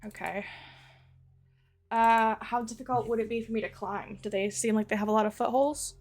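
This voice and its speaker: Female tabletop player, slightly high voice, chatty and animated. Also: normal speed. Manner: lively, animated describing actions. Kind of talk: casual tabletop play.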